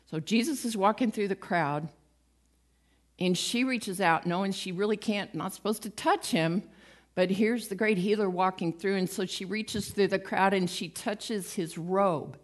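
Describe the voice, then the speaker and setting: A woman preaches a conversational sermon in a mid-range voice at a measured pace. She tells her stories with lively energy, acting out the quoted voices and laughing at herself with light, self-mocking humor.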